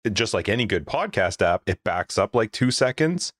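A man's voice: fairly low pitch, very animated, normal speed, a bit bright, no room sound. A man hosting a casual podcast, rambling and laughing easily into a close mic. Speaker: podcast host.

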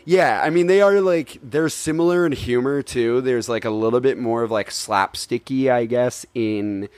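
A man's voice: mid-range voice, moderate pace, a little mellow, no room sound. A man hosting a podcast in casual chat, rambling, laughing often and swearing freely. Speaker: podcast host.

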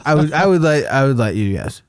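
A man's voice: medium pitch, lively intonation, a little fast, clear, resonant tone, no echo, clean studio sound. A young man co-hosting a casual chat show, swearing freely and laughing through his stories. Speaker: podcast co-host.

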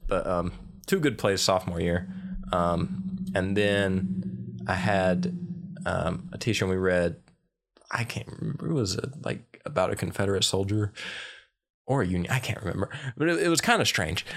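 A young man co-hosting a casual podcast. His voice sits on the low side, and he talks in a loose, rambling way, full of fillers and restarts. He keeps an easygoing tone throughout. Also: normal speed, vocal fry. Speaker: podcast co-host. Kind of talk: casual chat.

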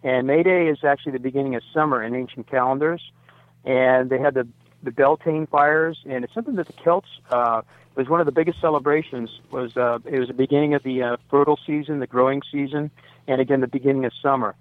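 A man's voice: mid-range voice, steady tone, fast, dry recording. Older man rambling over a phone line. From United States. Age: 60s. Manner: rambling, self-correcting, many fillers. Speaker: site owner, interview guest. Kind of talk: radio interview. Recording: dry phone-line sound.

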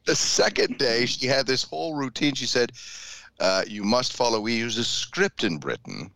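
A man's voice: mid-range voice, animated, moderate pace, gravelly, pushed and bright, no room sound. A man co-hosting a casual talk show, telling stories and laughing often. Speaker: show co-host. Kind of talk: casual chat.

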